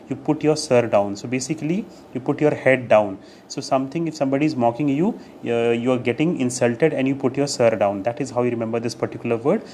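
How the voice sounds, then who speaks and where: A man at middle pitch teaching English vocabulary in a video lesson. He explains each word patiently, repeating key phrases and adding short Hindi glosses. A faint hiss sits under the recording. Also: a little mellow.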